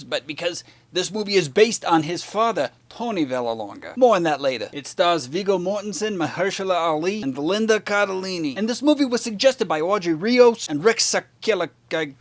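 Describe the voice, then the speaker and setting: A man's voice: high voice, fairly bright tone. A man reviewing a movie in a playful, self-mocking way, putting on a fake New York accent. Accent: put-on New York accent.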